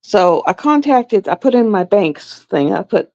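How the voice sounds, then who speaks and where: In dull, dry lo-fi sound, a middle-aged woman sews while hosting a livestream, chatting casually and rambling through stories. Her voice is medium in pitch with a darkish tone, very animated and a little slow.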